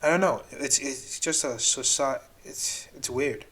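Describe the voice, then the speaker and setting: A man's voice: medium pitch, measured pace, fairly bright tone, slightly rough. A man hosting a reaction video, arguing back in an exasperated tone and restarting his sentences as he thinks aloud. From Nigeria. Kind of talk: ranting reaction commentary.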